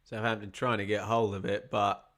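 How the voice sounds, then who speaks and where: A man's voice: on the low side, moderate pace. A man doing chatty live commentary on a football match for a watch-along stream. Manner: chatty, wry asides, gets excited at chances.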